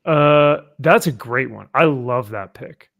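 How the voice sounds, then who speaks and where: A man co-hosting a casual podcast chat, easygoing and quick to laugh. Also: mid-range voice, gravelly, fairly bright tone. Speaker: podcast co-host.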